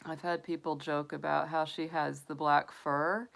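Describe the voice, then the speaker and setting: Low-voiced congested woman, chatty and doting. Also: level tone, a little slow, gravelly. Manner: soft, doting, chatty with frequent fillers. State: sniffly, congested from allergies. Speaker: tarot reader and livestream host. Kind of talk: casual livestream chat.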